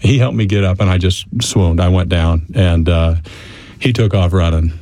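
A man's voice: low voice, moderate pace, warm tone, dry recording. A man casually telling a personal story to interviewers, chatty and full of asides to his listeners. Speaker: interview guest.

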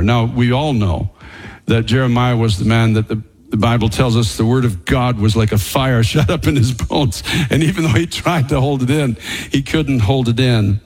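A man's voice: mid-range voice, normal speed, a little mellow, rough recording. A man preaching a sermon as pastor, emphatic and paraphrasing scripture with light chuckles.

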